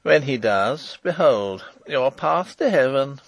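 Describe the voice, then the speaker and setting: A man's voice: mid-range voice, animated, takes it slowly, gravelly, no room sound, exaggerated voice. A man reading aloud, voicing a sneering ruffian who guards a prisoner. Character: sneering male ruffian jailer.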